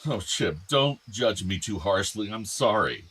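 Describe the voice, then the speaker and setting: An actor playing an ailing older father in a radio drama, soft-spoken, tender and apologetic. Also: fairly low pitch, lively intonation, measured pace, husky, heavily acted.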